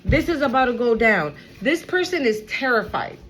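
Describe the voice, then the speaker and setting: A woman's voice: a little high, big pitch swings, moderate pace, a bit bright, soft background music, poor audio. A woman giving a spiritual card reading to her viewers, emphatic and repetitive. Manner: emphatic, repeats phrases, addresses viewers as y'all. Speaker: tarot reader.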